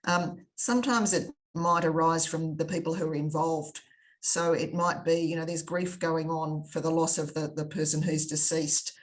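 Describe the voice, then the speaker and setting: Measured Australian woman, low voice. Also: steady tone. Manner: thoughtful, measured, with many fillers. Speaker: panelist on conflict resolution. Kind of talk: webinar discussion.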